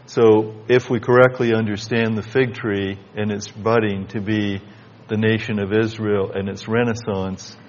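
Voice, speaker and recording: Low, flat-voiced man preaching scripture. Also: lo-fi sound, slight background noise. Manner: measured, reads scripture aloud in King James wording. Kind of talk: Bible exposition sermon.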